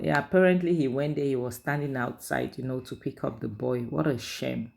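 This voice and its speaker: A woman's voice: a bass voice, fairly quick, creaky, few pauses, darkish tone. A woman, casually recapping and reviewing a drama series in a chatty, opinionated way. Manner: chatty, opinionated, frequent "like" and "you know".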